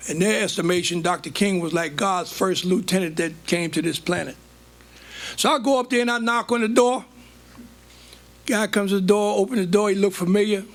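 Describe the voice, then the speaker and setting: A man's voice: sits high, normal speed. An older man, telling stories from his life as a guest speaker on stage. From United States. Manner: animated storytelling, plays out quoted dialogue. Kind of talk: storytelling on stage.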